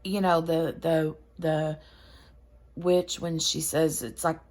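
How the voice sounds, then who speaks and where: Woman host, relaxed craft-chat tone, unhurried, rambling storyteller. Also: sits low. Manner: rambling storyteller, many fillers and restarts. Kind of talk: casual chat while crafting.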